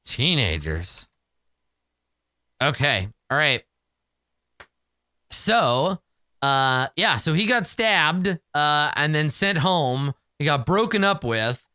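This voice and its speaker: A man's voice: a little high, animated, slow pace, bright, forceful tone, smooth, no room sound, clean studio sound. A man narrating a solo tabletop game, talking to himself and swearing freely.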